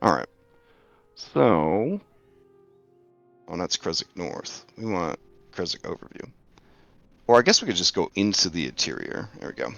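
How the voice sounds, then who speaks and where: A man's voice: low voice, very animated, measured pace, gravelly, long pauses, fairly bright tone, no echo, faint music behind. A young man narrating as game master of an online tabletop game, thinking aloud with many fillers.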